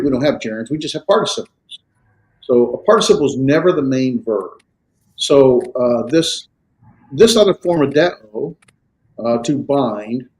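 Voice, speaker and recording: A man teaching a Greek class, explaining grammar in a halting lecture with many fillers and restarts. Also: medium pitch, darkish tone. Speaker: Greek instructor.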